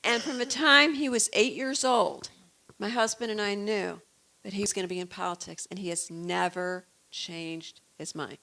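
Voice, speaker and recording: Speaking at normal speed in a medium-pitched voice that is gravelly, bright and forceful, a guest author in her fifties from the Chicago suburbs in the United States tells stories casually. She comes across as chatty and earnest, clearly a proud mother.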